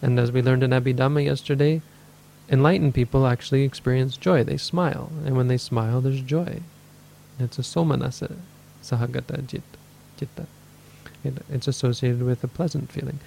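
Speaking at a normal speed with fairly even intonation, a man with a medium-pitched, gravelly, mellow voice gives a dharma talk as a meditation teacher, fielding questions. He muses aloud, self-corrects, and dramatizes people's inner voices, and a faint hiss or hum sits under the recording.

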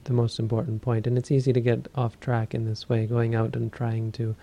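A man who teaches Buddhism, giving a dharma talk and telling a story in a calm, measured way. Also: medium pitch, vocal fry.

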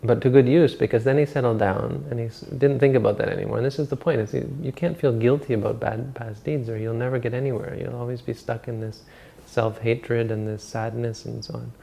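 A man giving an informal Buddhist dharma talk as a monk teacher, rambling and halting with many restarts and self-corrections. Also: mid-range voice, steady tone, creaky, mellow.

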